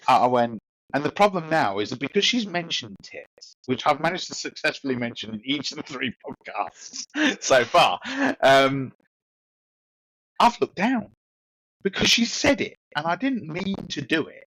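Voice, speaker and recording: A man's voice: a little high, big pitch swings, moderate pace, a bit bright, dry recording, low-quality recording. A man with a London accent, a podcast co-host telling a rambling, cheeky anecdote with lots of restarts and laughs. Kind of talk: casual storytelling chat.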